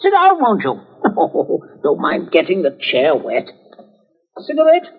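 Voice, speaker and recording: An actor playing a cold, calculating middle-aged father who holds a gun, in 1940s radio acting with a husky, clipped voice. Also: high-pitched, huge pitch swings, slow pace, exaggerated voice. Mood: genial. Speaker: family patriarch. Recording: tinny, echoey 1940s radio broadcast.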